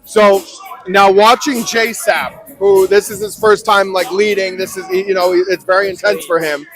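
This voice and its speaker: A man's voice: high-pitched, level tone, normal speed, fairly bright tone, poor audio. A man hosting a live-streamed red carpet, enthusiastic and stumbling over his words. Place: outdoor red carpet event. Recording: live stream with faint music behind.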